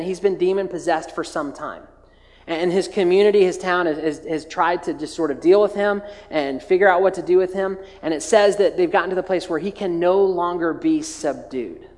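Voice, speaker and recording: A man preaching as a pastor, retelling a scripture story in a chatty, humorous way with lots of filler words and restarts. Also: sits high. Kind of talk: casual humorous sermon storytelling. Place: large church hall. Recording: long hall reverb.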